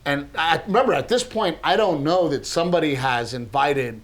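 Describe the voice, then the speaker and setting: A man co-hosting a podcast, telling stories in a casual, animated way that is full of laughs and swearing. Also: on the high side, normal speed. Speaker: podcast co-host, comedian. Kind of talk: casual storytelling chat.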